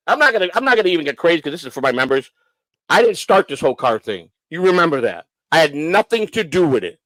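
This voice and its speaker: A man from Chicago hosting a members-only livestream, telling stories in a blunt, profane, animated way. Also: fairly high pitch, dry recording, poor audio. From Chicago, United States. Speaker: livestream host. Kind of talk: casual storytelling.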